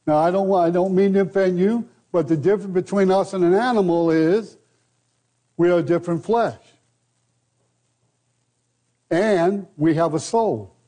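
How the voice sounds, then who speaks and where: An older American man preaching a sermon, slow and deliberate, with rhetorical questions and repeated phrases. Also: sits high, mellow. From United States.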